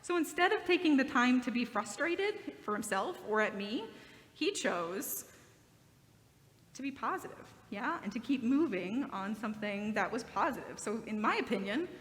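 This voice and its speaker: Animated woman leading children's time. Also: on the high side, normal speed. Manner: animated, asking children questions. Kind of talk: children's sermon. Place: church sanctuary. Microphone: handheld microphone. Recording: echoey hall.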